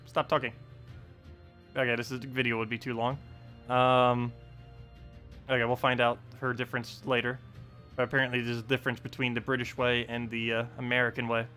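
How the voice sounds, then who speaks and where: A man chatting casually on a live game stream, playful and quick to laugh as he keeps repeating a word to test how he says it. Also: medium pitch, monotone, pushed and bright, faint music behind.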